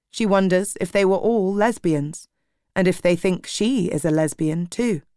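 A woman narrating an audiobook in a steady, measured way. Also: mid-range voice, dry recording, studio quality.

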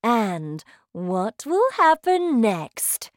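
A woman's voice: a little high, very slow, no echo, studio quality, pitched above the performer's own voice, heavily acted. A woman voicing a crowd of eager, wicked witches crying out together in a storybook reading. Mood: gleeful. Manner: crying out excitedly, gleeful.

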